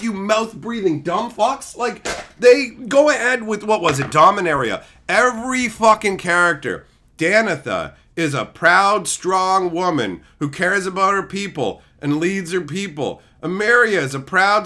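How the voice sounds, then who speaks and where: A man's voice: sits high, bright, forceful tone. A man streaming, giving a heated, profane rant full of insults. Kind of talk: ranting stream commentary.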